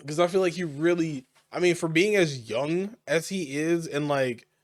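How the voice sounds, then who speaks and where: A man's voice: fairly high pitch, moderate pace, dry recording. A man co-hosting a podcast, chatting casually about wrestling, rambling with lots of fillers and restarts. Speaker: podcast co-host.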